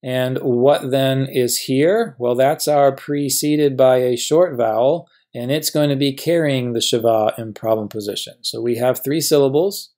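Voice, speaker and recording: A man's voice: mid-range voice, unhurried, hardly any pauses, a little mellow. Male professor teaching grammar step by step. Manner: patient, asks and answers his own questions. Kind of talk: classroom grammar lesson.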